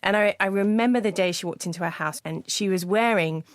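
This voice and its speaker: A woman author in a studio interview, telling a story earnestly with quick restarts. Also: medium pitch, dry recording. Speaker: author guest. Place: podcast studio.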